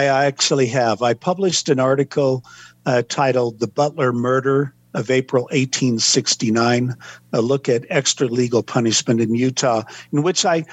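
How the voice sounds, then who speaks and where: A man, a historian guest on a podcast, recounting events in a measured, unhurried way with frequent pauses. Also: medium pitch, husky, no room sound. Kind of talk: podcast interview storytelling.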